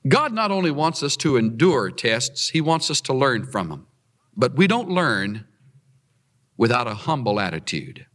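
A male preacher unhurriedly delivers a sermon, his voice swooping up and down with animated emphasis. He reads passages aloud and explains them, often pushing his pitch high on key words, while a long reverb trails him as though in a large hall.

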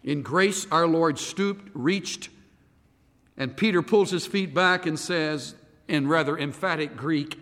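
A man preaching a sermon as a pastor, animated and firing rhetorical questions at the congregation. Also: a little high, takes it slowly. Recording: reverberant hall.

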